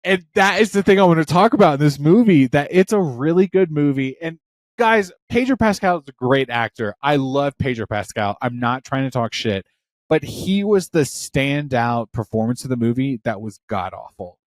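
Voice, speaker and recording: A man in his thirties co-hosts a podcast, rambling excitedly and swearing freely as he talks films. The sound is dry and close to the mic, with no room around him. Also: mid-range voice, moderate pace, no echo. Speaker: podcast co-host. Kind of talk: casual chat.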